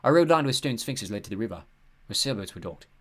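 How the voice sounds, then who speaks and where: A man reading an audiobook in steady, measured scripted narration. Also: mid-range voice.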